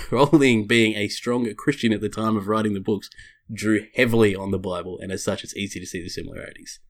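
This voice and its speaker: A man with a fairly low voice carries a podcast segment, reading prepared notes in a casual, wry way. He breaks off for dry jokes and drops the odd swear word. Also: steady tone, fairly quick. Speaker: podcast host.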